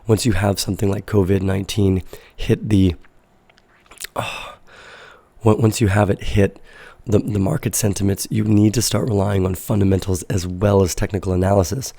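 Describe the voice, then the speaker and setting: A man hosting a casual crypto trading livestream, his voice raspy from being sick, talking in a relaxed, rambling way with fillers. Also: fairly low pitch, moderate pace, no room sound. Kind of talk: casual livestream market analysis.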